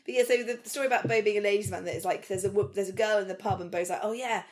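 A woman from England in casual podcast chat, retelling scenes with lively asides. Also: mid-range voice, rapid-fire. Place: lives in London.

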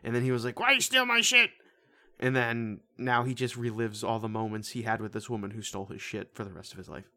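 A man's voice: on the low side, flat delivery, quick pace, hardly any pauses. A man co-hosting a casual movie review chat. He rambles and stumbles over his words, swearing casually. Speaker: podcast co-host.

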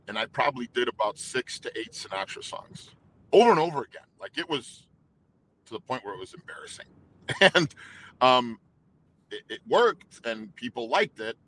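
A middle-aged man with a bright, forceful voice, telling stories as a podcast guest. He talks with intense, emphatic energy, and his thoughts pour out quickly as he goes. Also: medium pitch, a little hiss or hum, rough recording. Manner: intense, emphatic, fast-flowing. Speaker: anthem singer, guest. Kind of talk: casual interview storytelling.

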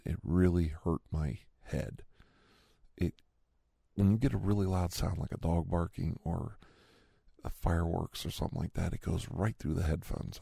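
Middle-aged man, dark gravelly tone, dry close sound, indignant rambling storyteller. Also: low-pitched, no echo. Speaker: storyteller in a role-play. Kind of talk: casual storytelling.

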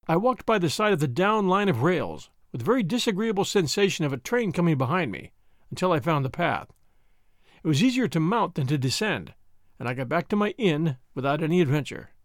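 Expressive male storyteller, lively pitch. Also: fairly quick, no room sound, studio quality. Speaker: narrator. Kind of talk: dramatic story reading for a radio-style show.

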